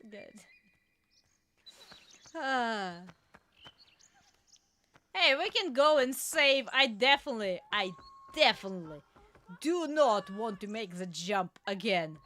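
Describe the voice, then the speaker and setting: A young woman with a high, bright voice chats through a game stream. Her pitch swings widely as she laughs, yelps and shouts at the screen between rambling asides. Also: a little hiss or hum. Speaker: VTuber streamer. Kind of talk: casual gameplay commentary.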